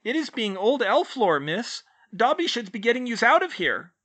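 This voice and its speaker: A man voicing a timid male house elf servant who squeaks in broken grammar. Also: very animated, normal speed, pushed and bright, heavily acted. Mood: urgent.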